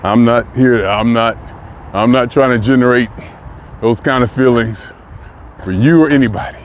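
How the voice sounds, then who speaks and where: A man's voice: medium pitch, normal speed, a little hiss or hum. A man in his early sixties talking frankly in a casual vlog monologue while out walking, often chuckling as he talks. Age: 60s. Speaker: vlogger. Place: outdoors, walking.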